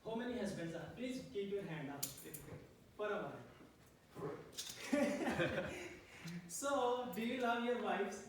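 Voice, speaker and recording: A man's voice: sits high, lively intonation, takes it slowly, pauses often, background noise. A man who speaks English as a second language, preaching a sermon to a congregation and asking "Amen?" again and again. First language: not English. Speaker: pastor. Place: church hall. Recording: echoey room from a distance.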